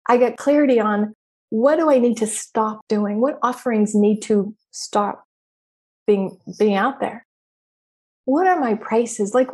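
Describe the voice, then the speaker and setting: Middle-aged woman, podcast host, casual spiritual coaching talk, lively, swears, acts out her inner dialogue. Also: mid-range voice. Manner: animated, swearing, acting out her inner voices.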